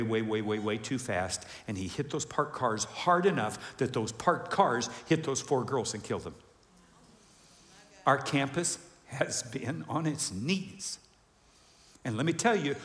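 A man preaching a sermon to a congregation, animated, asking questions and acting out voices. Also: mid-range voice. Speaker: pastor. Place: large church hall with congregation. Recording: long hall reverb.

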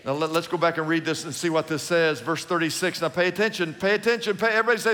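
An older man, a pastor, giving an emphatic, dramatic sermon in a large church, swinging between loud and soft. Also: a little high, expressive, rapid-fire, hardly any pauses, in a large hall. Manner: emphatic, dramatic preaching with sudden swings in loudness.

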